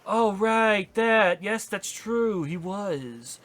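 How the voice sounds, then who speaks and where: A man voicing a scheming, smooth-talking male narrator of a resort island, sly and persuasive. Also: high-pitched, animated, extremely slow, a bit bright, exaggerated voice.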